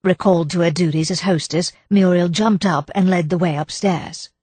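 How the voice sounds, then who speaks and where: A woman narrating an audiobook of a period mystery in a measured, expressive way. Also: fairly low pitch, breathy edge, no room sound. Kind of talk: scripted narration.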